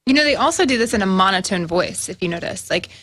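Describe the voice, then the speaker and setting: A woman's voice: mid-range voice, animated, fast talker, a bit bright, no room sound. A woman co-hosting a talk show, reading viewer questions in a casual, conversational way.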